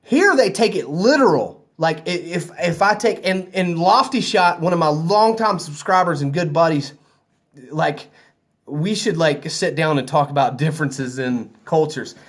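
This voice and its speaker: A man's voice: a little high, animated, a little slow. A man from the American South with a Southern accent, telling a rambling, easygoing story to camera in a hotel room. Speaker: vlogger.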